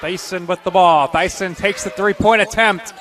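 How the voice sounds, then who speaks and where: Bright-voiced man calling basketball play-by-play. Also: high-pitched. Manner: rapid-fire calls, bursts of excitement on scores. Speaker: play-by-play announcer. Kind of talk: live basketball play-by-play commentary.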